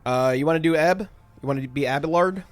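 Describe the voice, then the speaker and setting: A man's voice: a little high, fairly quick, soft background music. A man streaming a game, chatting casually and rambling through joking explanatory asides. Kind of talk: casual live-stream chat.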